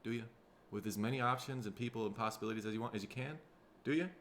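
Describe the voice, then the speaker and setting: A man from Minnesota, hosting a casual solo podcast, tired and rough in the throat, rambling and swearing freely. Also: lowish voice, very fast, fairly bright tone, a little hiss or hum. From Minnesota, USA. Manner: rambling, profane, laid-back. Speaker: podcast host.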